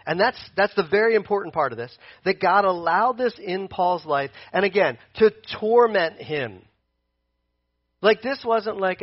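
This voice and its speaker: A man preaches a sermon in a relaxed, conversational way, pacing as he talks. His voice sits a little higher than most men's. The sound is dry and somewhat dull, with no room echo. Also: unhurried. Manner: conversational, animated, paces while preaching.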